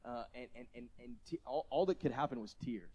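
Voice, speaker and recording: Animated preacher, warm mellow voice. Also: male voice, mid-range voice, brisk, husky. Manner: animated, rising to shouts in emotional peaks; conversational, self-deprecating asides. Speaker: pastor. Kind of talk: sermon.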